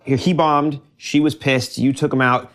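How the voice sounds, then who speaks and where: Podcast guest, man, mid voice, casual quick comments. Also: medium pitch, little pitch movement, a bit bright. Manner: brief interjections, quick laughs. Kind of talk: casual chat.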